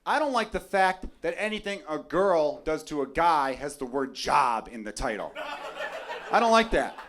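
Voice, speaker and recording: A man's voice: fairly high pitch, big pitch swings, normal speed. A male stand-up comedian from Chicago, brash and profane, riffing at a live club audience. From Chicago, USA. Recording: live club recording with loud crowd. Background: audience laughter.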